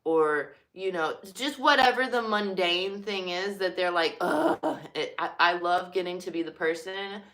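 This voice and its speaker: Chatty woman with a bright, forceful voice. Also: fairly low pitch, moderate pace, few pauses. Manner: chatty, filler-heavy, heartfelt. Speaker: cashier. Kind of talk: casual personal talk.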